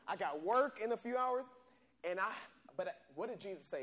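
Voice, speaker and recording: A man preaching a sermon, telling a personal story with animated, acted-out scenes. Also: high voice, normal speed.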